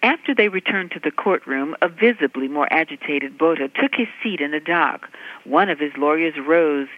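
A woman correspondent delivering a reported news segment in a measured, even way. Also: low voice, no echo. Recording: dry, dull lo-fi line.

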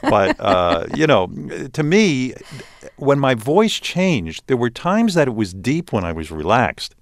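A man's voice: medium pitch, slow pace, no room sound. A man in his sixties with a New York accent, a radio host telling stories as a guest in an interview, with many restarts. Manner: animated storytelling, many restarts. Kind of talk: casual interview talk.

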